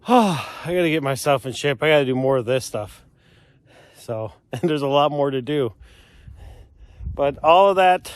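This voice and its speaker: A man's voice: on the high side, no echo, clean studio sound. Winded man talking outdoors in snow. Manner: rambling, self-deprecating, lots of fillers. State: out of breath. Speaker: homesteader vlogger. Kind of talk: casual vlog talk while working outdoors. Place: outdoors on a snowy wooded road.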